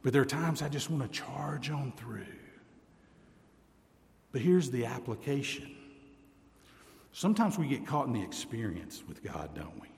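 A male pastor delivers a sermon at a deliberately slow pace, reading scripture and letting key words sink low for emphasis. His voice rings out with the long reverb of a church hall. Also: gravelly, a little mellow. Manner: deliberate preaching, slows and drops low for emphasis, reads scripture aloud.

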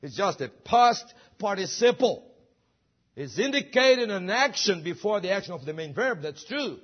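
A high, husky male voice preaching with a lively, swinging pitch and emphatic rhetorical questions. The sound is dull and lo-fi, like an old church recording. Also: normal speed. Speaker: pastor. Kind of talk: sermon.

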